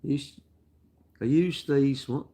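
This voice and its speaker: Gravelly older man, rambling. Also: medium pitch, slow, mellow. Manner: rambling, self-deprecating, matey. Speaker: cake shop worker answering viewer questions. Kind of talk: casual chat.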